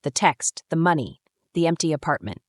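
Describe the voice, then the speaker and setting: A woman in her thirties narrating a first-person drama story in a measured, brooding way. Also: deep voice, big pitch swings, no echo, studio quality. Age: 30s.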